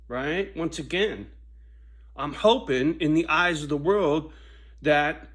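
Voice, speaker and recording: A man in a profane casual monologue, swinging from a loud, preachy rant to low muttering. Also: lively intonation, slow, long pauses. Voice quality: swears constantly, preachy and intense. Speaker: vlogger.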